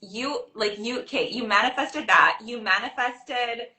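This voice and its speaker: A woman's voice: a little high, a little slow, sharp tone. A woman hosting a casual chat, talking enthusiastically with many fillers. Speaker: podcast host, manifestation coach. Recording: roomy echo.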